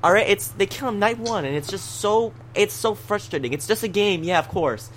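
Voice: medium pitch, animated, brisk, a little hiss or hum. A person in casual chat who rambles, restarts phrases and repeats words.

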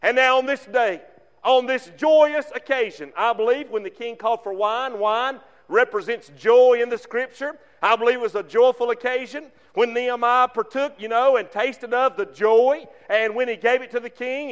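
A man preaching a fervent sermon, swinging between loud emphasis and hushed tones. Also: very high-pitched, muffled recording. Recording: long reverb.

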